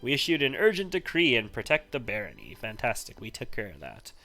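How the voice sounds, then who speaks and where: A man's voice: mid-range voice, huge pitch swings, a little fast, pushed and bright, faint music behind. A man giving casual commentary while he plays a role-playing video game, chatty and thinking aloud. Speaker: let's-play host.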